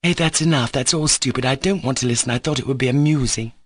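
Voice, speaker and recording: A man's voice: mid-range voice, fast talker, no echo, studio quality, pitched above the performer's own voice, lightly acted. A man playing imperious, scolding Grushenka. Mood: annoyed. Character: Grushenka, proud young woman, imperious, quick-tempered.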